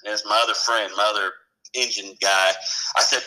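A man's voice: fairly low pitch, fairly even intonation, moderate pace, sharp tone, poor audio. A middle-aged man, a former firefighter, telling rambling station anecdotes in casual conversation. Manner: rambling, self-correcting, chuckling anecdotes. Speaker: retired firefighter guest. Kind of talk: casual storytelling interview.

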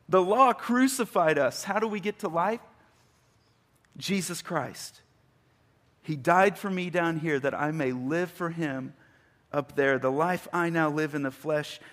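A man preaching a sermon, emphatic, rising to loud bursts and reading scripture slowly and deliberately. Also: a little high. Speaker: pastor.

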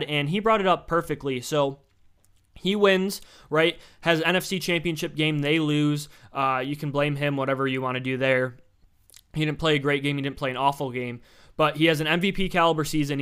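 A young man giving casual, blunt sports commentary, animated and swearing as he acts out what players and teams said. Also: a little high, clean tone. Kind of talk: casual sports opinion talk.

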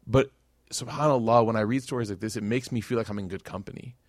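A man, giving a religious lecture as a casual, animated storyteller who acts out quotes. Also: medium pitch, fast talker, no echo, studio quality.

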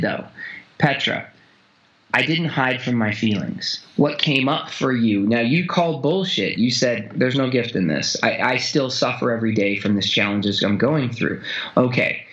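A man coaching a guest in conversation, blunt and heavy on swearing, telling stories intensely with sudden jumps in pitch. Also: animated, moderate pace, fairly bright tone, dull audio.

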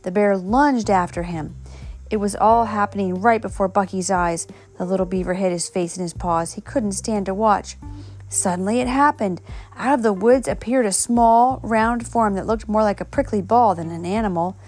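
A woman's voice: mid-range voice, moderate pace, a little mellow, soft background music. A woman reading a children's storybook aloud at home, an unpolished reading with slips and self-corrections. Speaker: reader.

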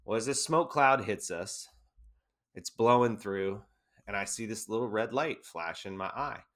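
A man, an army veteran guest, casually telling an animated anecdote and often laughing. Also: on the low side, measured pace. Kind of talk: casual storytelling.

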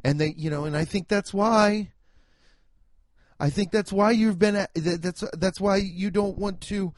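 A young man with a fairly high voice hosts a solo podcast, ranting loudly and emphatically, swearing and laughing at his own slips. He sounds close and dry, with no room around him. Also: fairly even intonation, unhurried, no room sound. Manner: loud, emphatic, swearing, self-mocking. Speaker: podcast host. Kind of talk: casual solo podcast rant. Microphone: home podcast mic.

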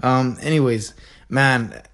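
A man's voice: mid-range voice, slow, fairly bright tone. Young border-town man, mid-range voice, loose and chatty, restarts his sentences and laughs. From El Paso-Juarez border region. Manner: rambling, self-correcting, laughs often. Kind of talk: casual rambling monologue.

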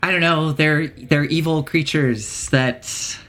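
Male game master, a bit high-pitched, halting explanations, faint noise floor. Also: fairly bright tone. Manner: hesitant, explaining with many fillers. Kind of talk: narrating a tabletop game.

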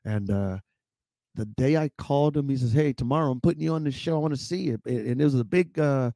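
A middle-aged man, a stand-up comedian, telling stories with lively impressions and laughter in a casual interview. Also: fast, gravelly, no room sound. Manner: acts out voices with high-pitched impressions and laughs. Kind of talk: animated storytelling.

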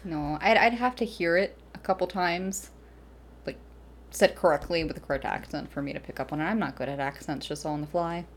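A woman with a fairly low voice co-hosts a podcast in an easy, casual way. She swears freely and breaks into big laughs. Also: fairly quick, a little hiss or hum. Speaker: podcast co-host. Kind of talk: casual chat.

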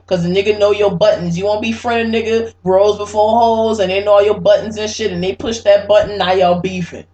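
A woman's voice: mid-range voice, steady tone, fairly quick, dark tone. A woman co-hosting a casual podcast chat, emphatic and scolding. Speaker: podcast co-host. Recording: roomy echo.

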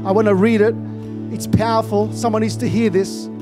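A man's voice: sits high, level tone, a little fast. A man preaching a sermon as pastor in a church, fervently repeating phrases and calling out hallelujah and amen. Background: music playing.

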